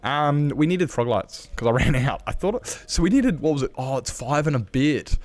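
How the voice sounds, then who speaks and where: A male streamer talking through a live game session at a mid-range pitch. He rambles and swears freely, heavy on fillers. The mic sounds close and dry. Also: expressive, normal speed, a little mellow, no echo. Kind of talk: casual live-stream chat while gaming.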